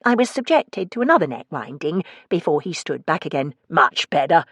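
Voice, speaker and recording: Woman narrator, low, expressive, wry; dry close studio sound. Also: brisk, slightly rough, no room sound. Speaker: audiobook narrator. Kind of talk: scripted audiobook narration.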